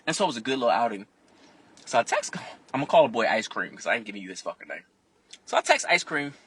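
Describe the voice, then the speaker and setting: Husky, bright-voiced man telling stories. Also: mid-range voice, fast talker. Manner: animated and profane, acts out other people's voices. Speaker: vlogger. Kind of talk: candid storytelling monologue. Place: inside a car.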